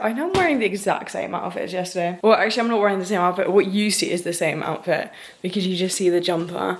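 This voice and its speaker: A young woman from England talks straight to her camera in a loose, chatty vlog style. She rambles and laughs at herself, and drops the odd casual swear word. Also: mid-range voice. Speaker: vlogger.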